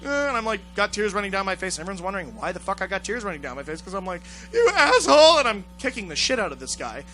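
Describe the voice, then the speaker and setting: A man with a high, bright, forceful voice tells a story on a talk show. He swears freely and acts out every voice in it, getting loud at the peaks. There is faint music behind him. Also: rapid-fire, rough recording. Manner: profane, animated, acts out voices in his story. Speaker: podcast host telling a story. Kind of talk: casual storytelling.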